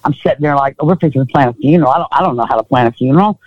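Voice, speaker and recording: A woman's voice: rumbling low, racing. An earnest woman with a Southern US accent recounts a story as an interview guest, voicing the people in it and circling back over her words. The recording is dull and lo-fi, with a close, dry sound and no room echo. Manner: earnest, acts out dialogue, repeats herself.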